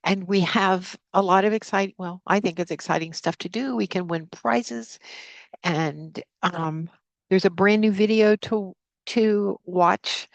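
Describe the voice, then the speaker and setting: Woman, online Spanish teacher, gravelly voice, dry close sound, leads prayer and drills. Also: mid-range voice, a little slow, no echo, lo-fi sound. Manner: prays aloud, then drills vocabulary with repetition. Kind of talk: live online class teaching. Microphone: computer mic on a video call.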